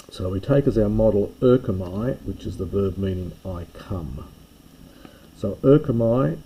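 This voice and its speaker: Male teacher for a grammar lesson, deep and very warm tone with a slightly husky edge, careful and methodical. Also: rough recording. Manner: careful, methodical explanation with small self-corrections. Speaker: Greek teacher.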